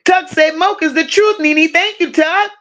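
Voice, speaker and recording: A high-voiced woman with a fairly bright tone runs a loose true-crime livestream, speaking a little slowly as she reads chat comments and snaps back at viewers. Blunt and freely profane, she teases her regulars with rowdy banter.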